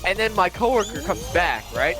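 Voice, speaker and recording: Rambling young man telling stories, animated. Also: high voice, normal speed, over music. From Italian family. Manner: rambling storytelling, laughing and swearing often. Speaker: podcast co-host. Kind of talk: casual chat.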